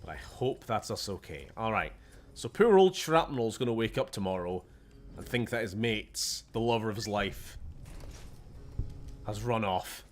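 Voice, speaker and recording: A young Scottish man talking through his game stream in a lowish voice that swings lively up and down. He mutters, cracks sarcastic asides and swears under his breath, with a faint hiss of noise behind him. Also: measured pace. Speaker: gaming streamer. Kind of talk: casual gameplay commentary.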